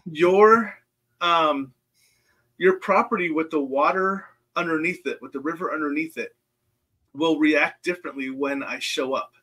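A middle-aged man chats openly about himself, laughing easily as he goes. His voice is bright and forceful and sits a bit high for a man. He speaks over a remote call from his home. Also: a little slow. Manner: outgoing, laughs often, talks about himself readily. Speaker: guest psychic medium. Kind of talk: casual chat. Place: home in Nebraska.

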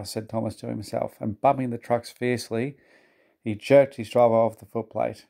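A man narrates a children's storybook in a measured, gentle way. His voice is mellow and dark, pitched in the middle of the range. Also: flat delivery, gravelly. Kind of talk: storybook reading aloud.

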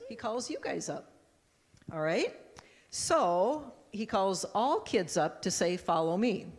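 A woman pastor giving a children's message in church, telling a story lively and acting out the voices, with a handheld microphone. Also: mid-range voice. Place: church sanctuary. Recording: long church reverb.

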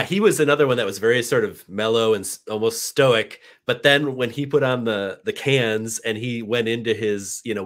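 Earnest man with a lowish voice. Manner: relaxed, earnest, repeats words for emphasis. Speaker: guest, animation director. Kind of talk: casual interview.

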